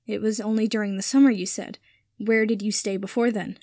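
A woman voicing Draco, a proud, sharp-tongued young man with a tearful, pleading delivery. The pitch climbs higher in a dry, close recording. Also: fairly even intonation, a little fast, dry recording, lightly acted. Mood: probing.

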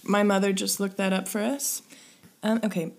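A woman's voice: mid-range voice, level tone, moderate pace. A woman co-hosting a casual podcast, reading personal ads aloud in a mock-earnest tone with dry teasing remarks. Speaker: podcast co-host.

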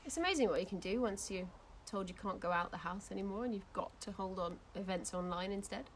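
An English woman co-hosting a community radio show in casual chat, tipsy, chatty and quick to giggle. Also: mid-range voice, a little hiss or hum. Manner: chatty and giggly, easily laughing.

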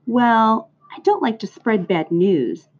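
A gloomy old ewe delivers hard truths bluntly, her voice a touch raised and lively, as a woman puts her on while reading a storybook aloud. The recording is dull and lo-fi. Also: on the high side, slow pace, pitched above the performer's own voice. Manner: matter-of-fact, blunt. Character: blunt old female sheep, gloomy and sharp-tongued.

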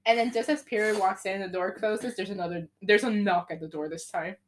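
A young woman chatting casually, playfully acting out a made-up story with quick character voices. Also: mid-range voice, fairly even intonation.

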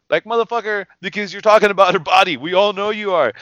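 A man with a bright, forceful voice rants heatedly and swears freely, hammering his points home. His voice sounds close and dry, slightly dull in tone, as in a casual podcast. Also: high-pitched, fast talker, no room sound. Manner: heated, profane, emphatic. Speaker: podcast co-host. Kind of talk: casual profane rant.

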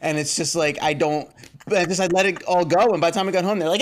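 A woman's voice: lowish voice, brisk. A woman chatting casually as a podcast co-host, telling exasperated stories about her kids. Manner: animated storytelling, exasperated parent. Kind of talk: casual chat.

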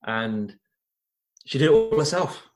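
An earnest young Englishman speaking as an interview guest and telling personal stories at an ordinary, mid-range pitch. He gets animated and often restarts his sentences as he talks. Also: a little slow. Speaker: guest, former teacher and youth coach. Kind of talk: conversational interview storytelling.

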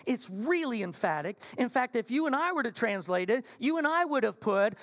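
A man preaching a sermon as senior minister in a church sanctuary. He tells his story playfully and animatedly, then drops to soft, hushed appeals. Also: very high-pitched, very animated, moderate pace.

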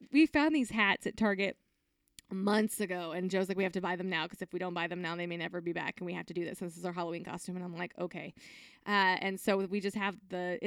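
A woman in her forties chatting casually as a podcast co-host and telling animated family stories, with lots of fillers. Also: fairly low pitch, vocal fry, smooth, no room sound, clean studio sound. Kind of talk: casual chat.

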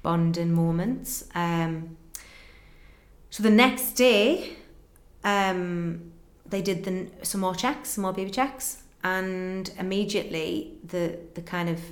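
Earnest woman telling her story. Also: on the low side. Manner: earnest and emotional, reenacting conversations in quick back-and-forth. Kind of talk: personal storytelling in an interview. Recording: roomy echo.

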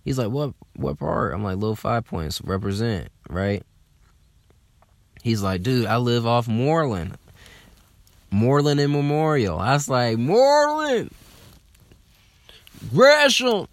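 A young man from telling a casual, animated story, swearing freely and using lots of fillers. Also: medium pitch, unhurried, long pauses, dry recording. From Atlanta, USA. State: slightly hungover.

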